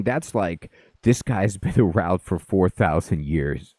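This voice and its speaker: A man's voice: lowish voice, sing-song, a little slow, hardly any pauses, warm tone, dry recording, clean studio sound. A man doing casual live commentary on a game, chatty and rambling, greeting viewers as he plays. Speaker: let's play streamer.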